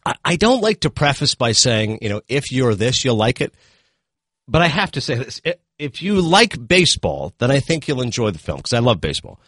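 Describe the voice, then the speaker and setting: A man reviewing films in a casual chat, animated and retelling scenes with quick asides. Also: mid-range voice, no room sound, clean studio sound. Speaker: film critic.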